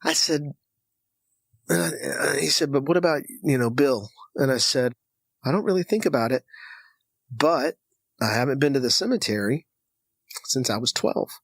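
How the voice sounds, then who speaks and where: A man's voice: mid-range voice, normal speed, pauses often, husky, dry recording. A man from Texas, a podcast guest, telling a personal story and acting out the voices of the people in it. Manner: animated storyteller who acts out dialogue.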